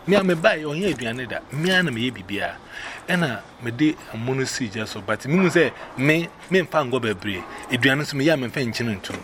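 Animated Ghanaian man, noisy background. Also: on the high side, normal speed. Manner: animated, mixing English and Twi, acting out quoted voices. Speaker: vlogger telling a personal story. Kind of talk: casual storytelling.

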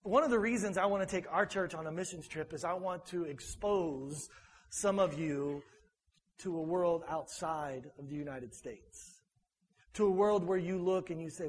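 A man's voice: sits high, normal speed, big-room sound. A man preaching in a church, talking in a rambling, conversational way. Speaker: pastor. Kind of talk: sermon. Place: church sanctuary.

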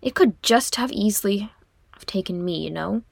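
A woman's voice: expressive, gravelly, no room sound, studio quality. A woman reading as a weary, proud dwarf lord. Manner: low, weary, measured. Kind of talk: audiobook reading.

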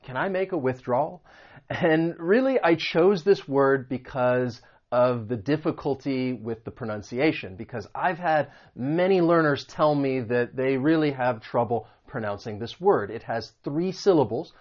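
An American man teaching vocabulary and pronunciation in a patient way, saying words slowly and repeating them. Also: mid-range voice, muffled recording. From United States. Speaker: English teacher. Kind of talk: pronunciation lesson.

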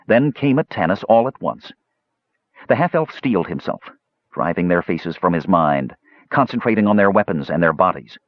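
A man reading a fantasy novel aloud as an audiobook narrator, expressive and dramatic, in a slightly muffled recording. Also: sits low, dry recording.

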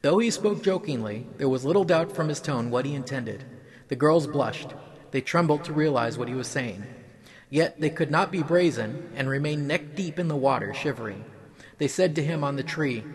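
A man reading a mythological story aloud in an even, measured storytelling voice. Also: on the high side, a crowd in the background.

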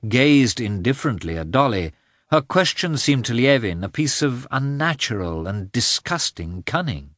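Low-voiced male audiobook narrator. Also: a bit bright, no echo, clean studio sound. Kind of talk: scripted narration of a classic novel.

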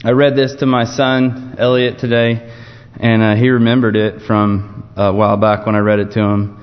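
A man preaching an informal evening sermon, telling a Bible story in a relaxed, conversational way. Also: lowish voice, moderate pace. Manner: conversational, storytelling with frequent restarts. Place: church sanctuary. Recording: dull muffled sound with long church reverb.

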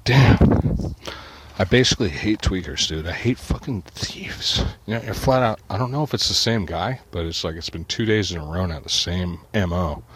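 A man's voice: low voice, a little fast, few pauses, a bit bright, slightly rough. A man delivering an agitated, profane ranting monologue, swearing constantly and muttering to himself.

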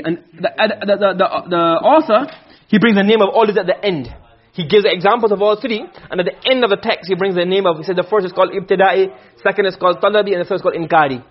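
A male teacher giving a classroom lesson on a text, repeating points and checking that students follow. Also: sits high. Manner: repetitive, checks understanding often. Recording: dull lo-fi recording.

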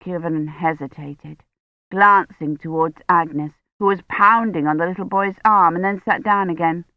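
A woman reading an audiobook in measured, scripted narration. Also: fairly low pitch, no echo. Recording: dull, dry studio audiobook recording.

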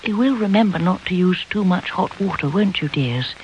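Reader doing a soft, anxious spinster. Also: mid-range voice, expressive, normal speed, lo-fi sound, a little hiss or hum, natural voice. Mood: timid. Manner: soft, hesitant. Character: anxious, timid middle-aged spinster daughter.

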